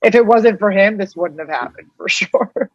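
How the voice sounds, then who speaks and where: A woman's voice: mid-range voice, moderate pace, no room sound, highs cut off. A woman co-hosting a podcast, chatty and upbeat, with many "like"s and "um"s. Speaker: podcast co-host. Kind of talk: casual interview chat.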